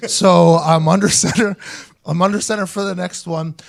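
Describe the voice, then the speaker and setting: A man hosting his own podcast, telling stories loudly and with a lot of animation, swearing freely and laughing often. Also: high-pitched, fairly even intonation, moderate pace, vocal fry. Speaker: podcast host. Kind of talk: casual storytelling.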